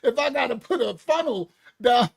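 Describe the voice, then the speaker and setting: A man voicing a stern, rough-talking old grandmother who scolds and orders people around. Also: sits high, very animated, fast talker. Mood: insistent. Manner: loud, bossy, scolding.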